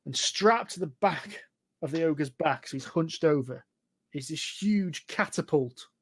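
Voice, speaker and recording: A man's voice: a little high, lively intonation, a little slow, fairly bright tone, husky. A man, narrating a tabletop game as game master in a chatty style, often laughing.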